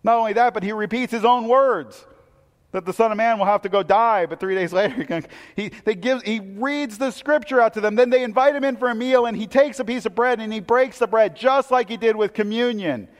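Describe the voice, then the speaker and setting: A man preaching a sermon, telling the story with animated, acted-out quotes. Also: high voice, brisk, long reverb tail. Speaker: pastor.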